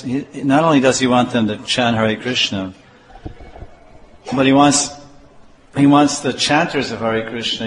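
A man giving a slow scripture class as a preacher, repeating phrases and acting out little dialogues. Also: mid-range voice, a little hiss or hum. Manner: slow, repetitive, acts out dialogue. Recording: echoey hall with faint ambience.

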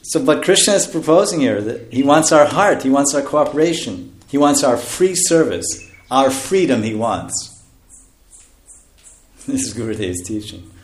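A man's voice: mid-range voice, animated, a little slow. Chuckling male preacher in an echoey room. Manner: conversational, chuckling often, dropping to soft asides. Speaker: spiritual teacher. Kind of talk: sermon.

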